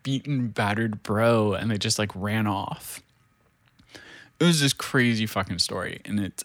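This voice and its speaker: A man in his thirties tells a story in a rambling, casual way, swearing, laughing and leaning on fillers. His voice sits fairly low, and it sounds close and dry, with no room around it. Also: a bit bright, no echo. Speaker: show creator.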